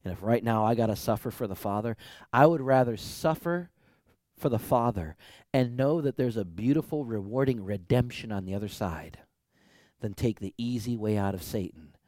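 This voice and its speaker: A male preacher voicing a man in pain who calmly explains why he chooses to suffer. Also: lowish voice, moderate pace, no echo, clean studio sound, voice pushed down, lightly acted. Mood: resolute.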